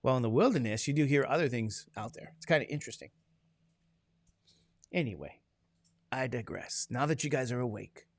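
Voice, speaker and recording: A man's voice: medium pitch, animated, moderate pace, long pauses, no echo, clean studio sound. A man teaching a classroom lecture, chatty and digressive, asking the class questions as he goes.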